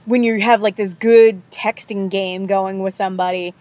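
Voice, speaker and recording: A woman's voice: medium pitch, fairly even intonation, normal speed, darkish tone. A woman in casual podcast chat, wry and sarcastic, swearing and acting out quotes from her dates. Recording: dull lo-fi podcast audio.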